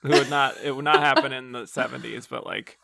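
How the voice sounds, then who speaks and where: A man's voice: mid-range voice, steady tone, brisk, creaky, crowd noise. A man hosting a podcast in casual film chat, reading listener comments aloud and laughing often. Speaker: podcast host.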